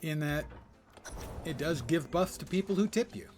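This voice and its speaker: A man's voice: on the high side, lively intonation, moderate pace, a little mellow, slight background noise. A man giving casual, joking commentary while playing a game live, thinking aloud in a wry way. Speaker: game streamer.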